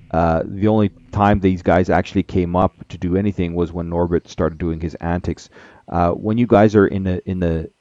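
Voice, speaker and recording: A man's voice: deep voice, warm tone, muffled recording. A man narrating as game master, rambling with many fillers.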